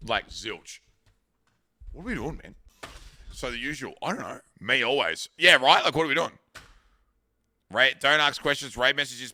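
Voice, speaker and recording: A man's voice: fairly low pitch, sharp tone, smooth. An Australian man chatting casually on his live stream, swearing and laughing in a loose, rambling way.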